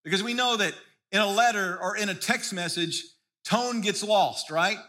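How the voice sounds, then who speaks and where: Male pastor with a high, bright voice, preaching casually and often repeating himself mid-sentence. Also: normal speed. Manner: conversational preaching with frequent restarts and repeated words. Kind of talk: sermon.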